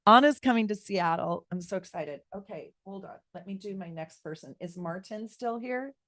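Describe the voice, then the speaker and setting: A woman's voice: medium pitch, animated, moderate pace, a bit bright, no echo, studio quality. A woman astrologer giving casual live-stream chart readings, chatty and rambling, talking straight to her viewers from home.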